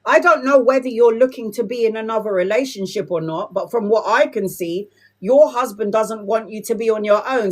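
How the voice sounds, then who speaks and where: A woman's voice: on the high side, a little hiss or hum. A woman giving a live tarot reading, blunt and emotional, swearing freely and calling viewers "my love" and "sweetheart". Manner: addresses viewers with endearments. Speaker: tarot reader.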